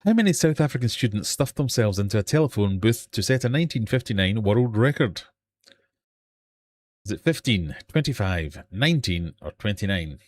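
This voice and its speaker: Male quiz host, slightly low voice, jokey and self-deprecating, live stream from home. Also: big pitch swings, moderate pace. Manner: jokey, self-mocking quizmaster. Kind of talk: live quiz hosting chat. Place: home fish room.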